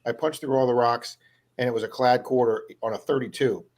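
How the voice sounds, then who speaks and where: A man's voice: mid-range voice, steady tone, fairly quick, a little mellow. A man hosting a casual live stream, telling long stories and acting out the people he met. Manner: rambling storyteller, acts out quoted people. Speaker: live stream host, metal detectorist.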